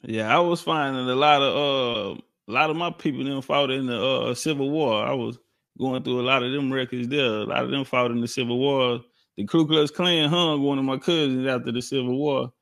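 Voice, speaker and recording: A man, talking casually in a halting way with many fillers. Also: mid-range voice, fairly even intonation, gravelly, fairly bright tone. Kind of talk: casual conversation.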